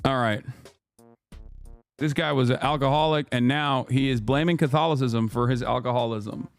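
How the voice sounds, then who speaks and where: A man in his thirties giving sarcastic, incredulous livestream commentary on posts, jumping to sudden high exclamations. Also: normal speed, clean tone, faint music behind. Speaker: streamer reacting to posts.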